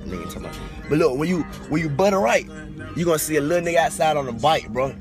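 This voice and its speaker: A man's voice: on the high side, lively intonation, quick pace, over music. A young man in a comedic skit, laid-back and slangy, tacking "bro" onto everything.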